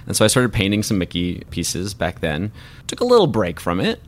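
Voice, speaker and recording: A man with a very low, deep voice shares his own story as an interview guest. He talks in an earnest, reflective way and is openly moved by what he remembers. He sounds like a thoughtful performer in his thirties. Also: big pitch swings, fairly quick, slight background noise. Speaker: voice actor and artist guest.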